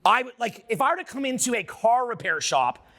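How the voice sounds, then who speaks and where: A man holds forth before a live audience, his high voice edged with gravel and a bright, forceful push. He fires question after question at the room and swears freely as he drives his points home. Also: fairly quick. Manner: animated, questioning the crowd, profane. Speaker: seminar speaker. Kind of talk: live seminar talk to an audience. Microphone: unamplified handheld mic.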